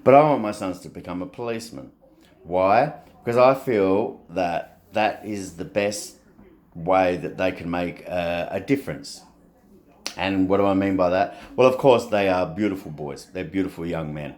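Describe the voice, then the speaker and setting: A middle-aged man with an Australian accent talks in a casual, rambling vlog monologue. His voice sits very low. He is blunt and swears freely. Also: normal speed, darkish tone. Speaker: vlogger.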